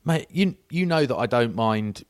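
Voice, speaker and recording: A man's voice: medium pitch, lively intonation, normal speed, no room sound, clean studio sound. A man in his forties co-hosting a podcast, telling rambling, self-mocking anecdotes in casual chat. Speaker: podcast co-host.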